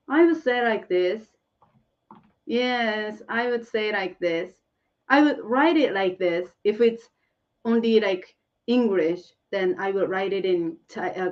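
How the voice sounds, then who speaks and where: A woman's voice: a little high, recorded from a distance, lo-fi sound. A woman whose first language is Korean, teaching a live online lesson and answering viewer questions, laughing often and repeating phrases.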